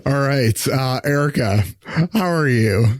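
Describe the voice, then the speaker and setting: A man's voice: medium pitch, lively intonation, a little slow, no room sound. A man hosting a live Q&A podcast as a coach, talking casually with many fillers and restarts. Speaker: podcast host and ADHD coach.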